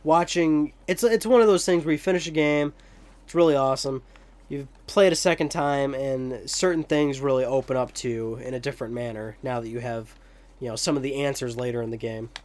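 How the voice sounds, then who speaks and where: A man's voice: medium pitch, a little fast, a little mellow. A young man giving rambling, joking commentary over gameplay, with profane asides. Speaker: let's play commentator.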